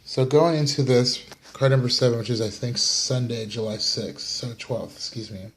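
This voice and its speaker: A sleepy young man from the United States does a relaxed weekly tarot reading into a camera mic. He speaks at a moderate pace in a mid-range voice with fairly even intonation, rambling with fillers and apologizing whenever he yawns.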